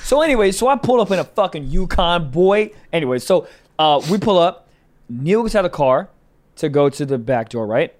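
A man, a comedian and podcast co-host, telling a story in casual chat, animated and cursing often. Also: on the high side, moderate pace. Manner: animated storyteller, swears a lot.

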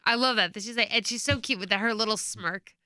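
A woman co-hosting a casual podcast chat, reacting quickly and laughing often. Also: medium pitch, bright, forceful tone, no echo, studio quality. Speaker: podcast co-host.

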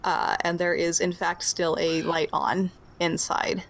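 Slow-talking woman narrating as game master. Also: fairly low pitch, gravelly, noisy background. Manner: relaxed, with fillers and hesitations.

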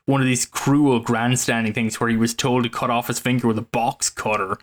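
A man's voice: mid-range voice, little pitch movement, brisk. Rambling man talking about films. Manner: rambling, many fillers and restarts. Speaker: podcast co-host. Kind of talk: casual film discussion.

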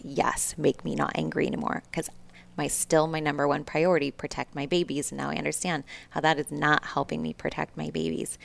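A woman's voice: low-pitched, gravelly. A woman in her thirties, a podcast guest telling a candid, emotional personal story with swearing and laughs.

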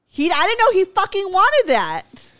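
A woman's voice: very high voice, huge pitch swings, moderate pace, fairly bright tone, no echo. A woman co-hosting a casual chat, telling a rambling story with lots of fillers and giggles. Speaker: podcast co-host.

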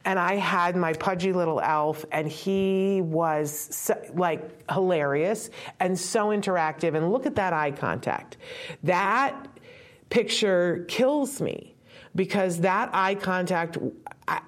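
Low-voiced woman telling a personal story. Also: a little slow. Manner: conversational storytelling with asides and quoted voices; emotional, close to tears. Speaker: author and parent speaker. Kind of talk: live talk to an audience.

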